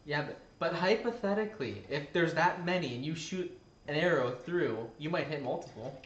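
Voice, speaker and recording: Musing man player, somewhat high voice. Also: expressive, normal speed, far from the mic. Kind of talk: playing a tabletop game. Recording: echoey, dull recording.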